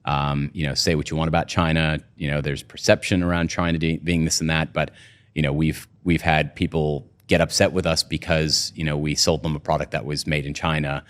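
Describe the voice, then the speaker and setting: A man's voice: rumbling low, level tone, a little fast, a bit bright. A man, a company co-founder, talking through a casual podcast interview with lots of "you know" and "right?". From United States.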